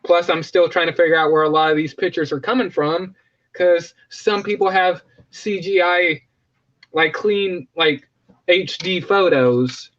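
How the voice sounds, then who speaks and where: A man's voice: high-pitched, fairly even intonation, moderate pace, a bit bright, dull audio. A man hosting a casual live stream, rambling, joking and correcting himself as he talks.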